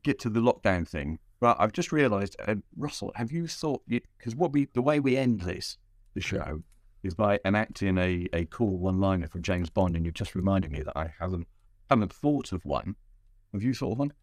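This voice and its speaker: A man's voice: low voice, expressive, normal speed, no echo, studio quality. A man hosting a casual podcast chat, playful and rambling, often restarting his sentences. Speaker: podcast host.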